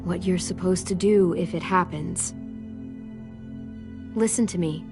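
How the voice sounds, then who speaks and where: A young woman voicing a protective teenage girl in a video game, gentle but firm and reassuring, over game music. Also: fairly low pitch, fairly even intonation, unhurried, close to an everyday voice. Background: game score music.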